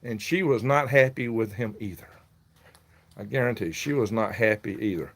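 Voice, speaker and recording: A man's voice: on the low side, moderate pace. A man hosting a casual livestream, telling a rambling, aggrieved story. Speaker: livestream host selling worms.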